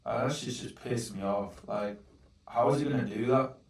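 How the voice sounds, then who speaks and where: A man's voice: mid-range voice, normal speed, recorded from a distance. Swearing young man, live trading. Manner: swearing, frustrated, exclaiming. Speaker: trading vlogger. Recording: roomy, off-mic echo.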